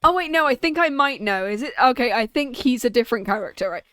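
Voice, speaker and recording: A woman's voice: a little high, animated, quick pace, a bit bright, dry recording, studio quality. A woman streamer giving casual, joking commentary on a game and laughing at her own character voices. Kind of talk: casual let's-play commentary.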